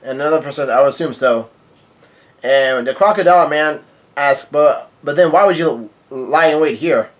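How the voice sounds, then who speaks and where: A man's voice: on the high side, normal speed. A man casually reading comic dialogue aloud, often stumbling and correcting himself, with surprised outbursts. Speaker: manga reaction reader.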